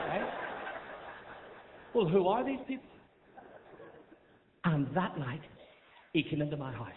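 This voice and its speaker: A man with a Northern Irish accent doing stand-up one-liners on a theatre stage, chatty and coaxing the crowd between rapid gags. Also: a little high, big pitch swings. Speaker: stand-up comedian. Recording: echoey theatre, tinny thin sound, noisy. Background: audience laughter.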